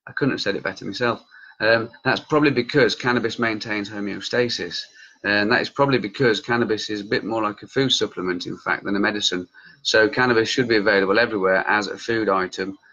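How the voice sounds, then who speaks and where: A man's voice: lowish voice, fast talker, bright, forceful tone, dull audio. A man in his late thirties, a campaigner talking straight to his viewers in heated, passionate vlog commentary. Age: late 30s. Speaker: cannabis campaigner and group leader. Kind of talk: vlog commentary reacting to news.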